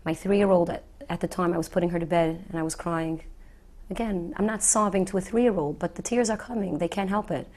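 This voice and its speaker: A middle-aged woman, herself widowed, speaking gently and earnestly to grieving women with reassuring repetition. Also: fairly low pitch, a little fast. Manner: soft, earnest, reassuring, repeats key phrases. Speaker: widow giving advice to the bereaved. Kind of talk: gentle heartfelt talk to the viewer.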